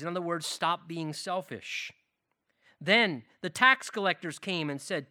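A man preaching a sermon as pastor, swinging between loud emphatic declarations and quieter conversational asides. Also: sits high, a little slow.

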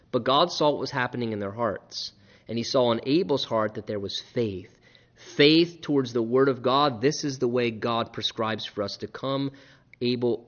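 A man preaching a sermon in an earnest, animated way, often repeating himself and restarting his sentences. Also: mid-range voice, dull audio. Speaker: pastor.

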